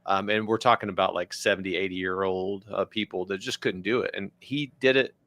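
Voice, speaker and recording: A man's voice: low voice, fairly even intonation, fairly quick, fairly bright tone. A man from rural West Virginia, a podcast host speaking in a reflective, plain-spoken way. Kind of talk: conversational interview talk.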